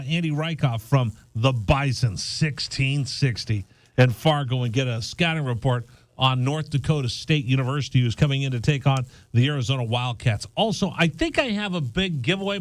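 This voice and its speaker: A man's voice: fairly high pitch, dry recording. A man hosting a radio sports show in the studio, chatting loosely and joking as he runs down the program. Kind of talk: casual radio chat. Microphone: studio microphone.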